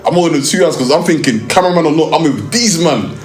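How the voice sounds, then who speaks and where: A young man with a London accent tells a lively, slang-heavy story from his work filming music videos. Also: a little high, fast talker, reverberant. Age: young adult. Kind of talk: storytelling interview.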